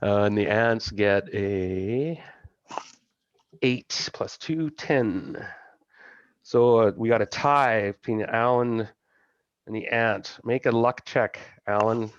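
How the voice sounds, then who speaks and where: Male game master, casual, slightly low voice, dry muffled call audio. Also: takes it slowly, no echo. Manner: casual, laughing, thinking aloud. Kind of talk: running a tabletop game.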